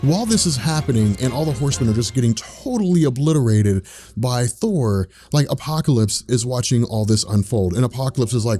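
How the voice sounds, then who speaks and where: A man's voice: medium pitch, lively intonation, brisk, warm tone, faint music behind. Rambling, slangy male comic recapper. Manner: rambling, filler-heavy, slangy. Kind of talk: casual story recap.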